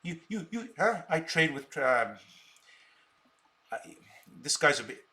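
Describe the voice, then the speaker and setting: A man's voice: on the high side, sing-song, measured pace, bright, forceful tone. Ranting, stammering man on a live stream. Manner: combative, ranting at viewers with repeated stammered words. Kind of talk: unscripted live stream talk.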